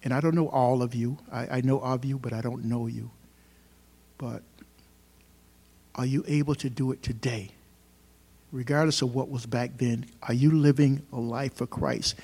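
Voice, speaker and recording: A man's voice: mid-range voice, fairly even intonation, normal speed, long pauses, dark tone, husky. A man preaching a sermon to a congregation, in a conversational way, asking the listeners questions and rising sharply on key words. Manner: conversational preaching with rhetorical questions and emphatic rises. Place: church service.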